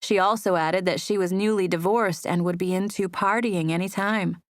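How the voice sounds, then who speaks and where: This audiobook narrator is a woman with a mid-range voice who reads a script at a moderate pace, keeping a steady storytelling manner. It's recorded in studio quality without echo.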